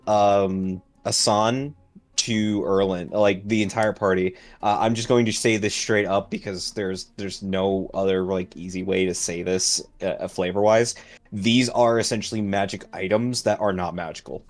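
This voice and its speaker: Hesitant male game master with music. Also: lowish voice. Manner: halting, filler-heavy description. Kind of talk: running a tabletop game.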